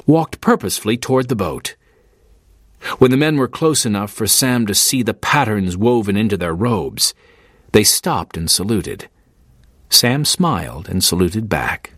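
A man narrating an audiobook in a measured storytelling manner. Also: fairly low pitch, breathy edge, no room sound, studio quality.

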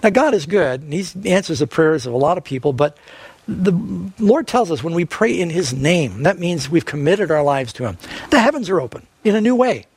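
Middle-aged pastor guy preaching, fairly high voice, asks lots of questions, dry close mic. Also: sing-song, brisk, slightly rough, dry recording. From Northern California. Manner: earnest preaching with rhetorical questions and scripture reading. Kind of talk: evangelistic sermon.

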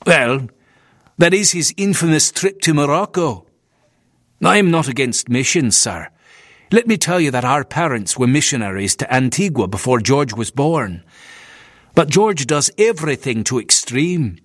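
A man's voice: medium pitch, big pitch swings, a little slow, no room sound, clean studio sound. A man voicing a disapproving Scottish minister. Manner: stiff, disapproving.

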